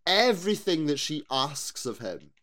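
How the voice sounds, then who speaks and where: A man co-hosting a podcast in casual chat, animated, swearing freely and asking rhetorical questions. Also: a little high, measured pace. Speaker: podcast co-host.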